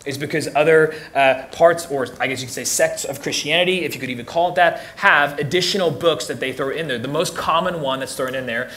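A man's voice: on the high side, fairly quick, hardly any pauses, pushed and bright, slight background noise. A young man teaching as a youth pastor in a casual, joking way, often repeating words as he restarts sentences. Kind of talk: casual teaching talk to teens.

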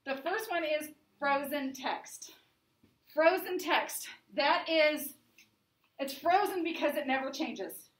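A woman's voice: sits high, lively intonation, takes it slowly. A woman teaching a class lecture in a conversational way, often checking in with the listeners. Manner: conversational, checks in with frequent "right?" and "okay?". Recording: echoey room, voice from a distance.

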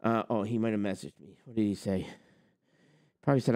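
A man's voice: fairly low pitch, animated, a little fast, darkish tone, no room sound, clean studio sound. Argumentative man firing rhetorical questions. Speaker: trucking business show host. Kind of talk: livestream rant.

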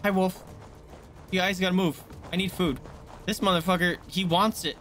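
A young man streaming a game live, swearing and panicking in excitable outbursts. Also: high-pitched, moderate pace, slight background noise. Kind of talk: live gameplay commentary.

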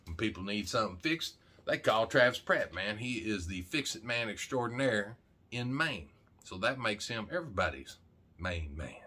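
A folksy, joking middle-aged man from Arkansas, rambling to camera like he's talking to a buddy. His voice sits low but sounds bright and forceful, and he keeps tossing in "man" as he goes. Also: big pitch swings, normal speed, slightly rough. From Arkansas, USA. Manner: folksy, jokey, talks straight to camera with a lot of "man". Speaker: channel host. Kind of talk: rambling casual vlog talk.

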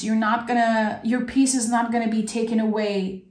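A woman's voice: a little high, little pitch movement, moderate pace, darkish tone. A woman giving a tarot reading, effusive and close to tears, talking straight to the viewer. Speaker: tarot reader. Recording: echoey room.

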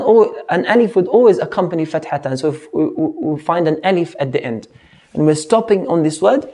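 A man teaching a tajweed lesson, patiently explaining rules and slowly demonstrating how each word of recitation should sound. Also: high voice, warm tone. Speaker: Quran teacher.

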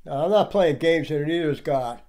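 A man's voice: fairly high pitch, fairly quick, a little mellow, slight background noise. A man giving indignant, preachy commentary over clips and firing off rhetorical questions. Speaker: online commentator.

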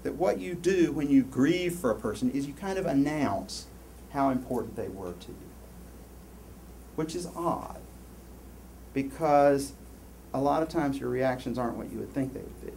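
A man giving a university lecture, rambling and animated, with many restarts and asides to the class. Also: medium pitch, moderate pace, creaky, a little hiss or hum. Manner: animated, rambling, lots of self-interruptions. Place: lecture hall.

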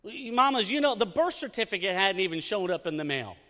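A middle-aged man, a youth pastor, telling an animated story in a sermon with lots of restarts, on a pulpit mic in a church sanctuary. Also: high voice, brisk. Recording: long church hall reverb.

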